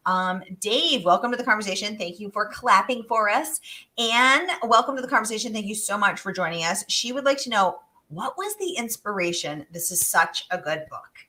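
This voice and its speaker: Woman, book event host, bright voice, enthusiastic, greets viewers, video call audio. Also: medium pitch, animated, moderate pace. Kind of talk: livestreamed book event conversation.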